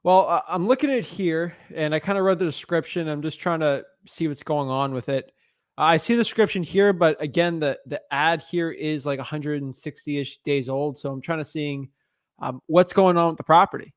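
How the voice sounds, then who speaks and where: A man's voice: on the high side, normal speed, dry recording, clean studio sound. A young man commenting casually on a property listing and cold calling a seller, thinking aloud with fillers. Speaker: real estate wholesaler cold calling.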